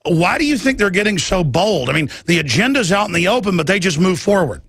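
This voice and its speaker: A man hosting a talk radio show, excitable and stammering through restarts. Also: high voice, fairly quick, slightly rough, dry recording, clean studio sound.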